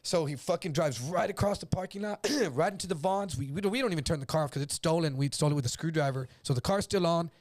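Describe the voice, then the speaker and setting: A man with a somewhat high voice tells a story in casual chat, animated and full of swearing. He jumps into other people's voices as he goes. The sound is dry and close. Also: fast talker, hardly any pauses, dry recording. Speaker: guest.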